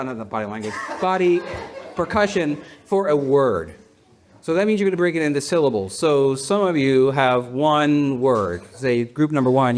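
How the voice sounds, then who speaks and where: A man's voice: a little high, a little hiss or hum. A man, a pastor, playfully leading his congregation through a rhythm game, counting them in and laughing along. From United States. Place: church hall with a congregation.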